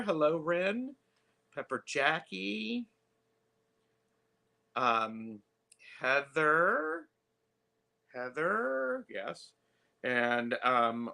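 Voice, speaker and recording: A man hosting a live tarot stream, chatting casually with lots of fillers and pauses. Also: mid-range voice, creaky, sharp tone. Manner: chatty, halting, many fillers.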